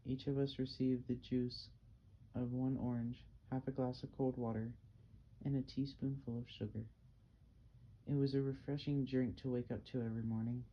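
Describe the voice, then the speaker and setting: A man's voice: mid-range voice, level tone, moderate pace. A man reading a novel aloud as an amateur audiobook, plain and unpolished with small slips and restarts. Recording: dull lo-fi, faint hiss.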